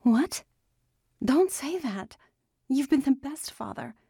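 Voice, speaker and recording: A woman's voice: on the low side, warm tone, no echo, studio quality. A woman voicing a distraught young woman pleading with her father in an audiobook. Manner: urgent, pleading, rapid questions.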